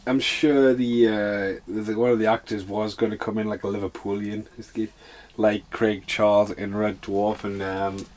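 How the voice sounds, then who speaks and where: A man's voice: fairly low pitch, little pitch movement, unhurried, a little mellow. A man casually chatting and swearing his way through a film commentary for his podcast. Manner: swears a lot, chatty and offhand.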